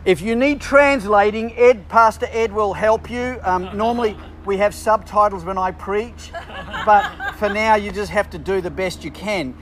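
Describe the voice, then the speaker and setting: A man's voice: sits high, moderate pace, a bit bright. A man preaching a sermon in a chatty, self-deprecating way with joking asides. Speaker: bishop preaching.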